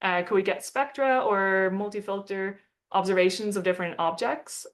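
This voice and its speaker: A young woman with a mid-pitched voice talks casually about her work. She tells the story in a chatty, loose way. She slips into playful put-on voices to quote people and often breaks into short laughs. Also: moderate pace. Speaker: astronomer giving a talk.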